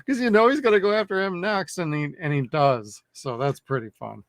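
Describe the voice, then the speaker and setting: A man's voice: sits high, fairly quick, no room sound, studio quality. Profane laid-back man on a podcast. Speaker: podcast co-host. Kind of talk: casual movie review chat.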